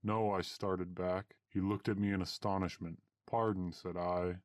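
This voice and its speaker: A man narrating a story in a measured, old-fashioned storytelling manner. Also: sits low, flat delivery, no room sound.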